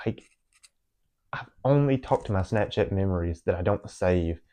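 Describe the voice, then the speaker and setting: A man's voice: sits low, animated, normal speed, mellow. A young man makes an emotional, rambling personal confession to the camera, full of fillers and restarts. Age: young adult. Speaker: vlogger.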